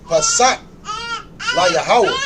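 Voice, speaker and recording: A man reads aloud haltingly, pausing to sound out each word and starting over when he stumbles. His voice sits high and swings widely in pitch, and he keeps a slow, careful pace. A faint hiss of noise runs underneath. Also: huge pitch swings. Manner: slow, hesitant, sounding out words with restarts. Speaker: student reading aloud. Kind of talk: halting read-aloud practice.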